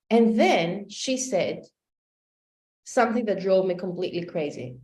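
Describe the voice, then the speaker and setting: A woman coaching trainer giving a motivational talk, animated storytelling with acted-out quotes. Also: on the low side, measured pace. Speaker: life coaching trainer and speaker. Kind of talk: motivational talk to a live online audience. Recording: echoey room.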